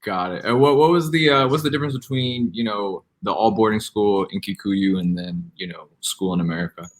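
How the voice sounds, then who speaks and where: A man hosting a casual interview, relaxed and affirming, asking questions. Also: lowish voice, brisk. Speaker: host.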